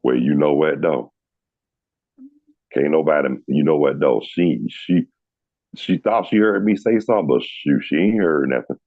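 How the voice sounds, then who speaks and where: A man's voice: moderate pace, no echo, narrow, tinny audio. A man from Atlanta with a Southern drawl, telling stories in a casual chat with many restarts. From Atlanta, USA. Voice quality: very deep voice. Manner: storytelling with many restarts and quoted dialogue. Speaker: show host.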